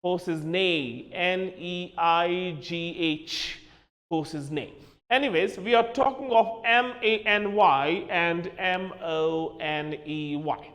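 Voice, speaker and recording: A man with a high, bright-sounding voice gives a classroom lesson. He is emphatic and spells words out letter by letter. A long reverb hangs on his voice, as if he is in a hard-walled room. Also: slow pace. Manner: switches into Hindi asides. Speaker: English teacher.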